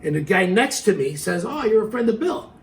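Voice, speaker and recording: Middle-aged guy, gravelly, kinda high voice, animated storytelling, mic a bit far off. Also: brisk, a little hiss or hum. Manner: animated, acts out quotes, laughs while telling. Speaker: guest telling a story. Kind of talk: casual storytelling.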